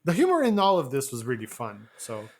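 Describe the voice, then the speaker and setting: Male podcast co-host, easygoing, rambling, casual swearing, mid pitch. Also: wildly swooping pitch, brisk. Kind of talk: casual chat.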